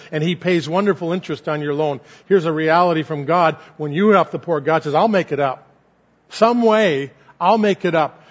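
A man preaching a sermon as pastor, earnest and repetitive, building emphasis as he goes. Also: on the high side. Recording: dull lo-fi sound.

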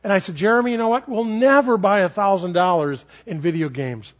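A man's voice: sits high, a little fast. A middle-aged man preaching a sermon, telling stories and acting out children's voices. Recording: dull lo-fi recording.

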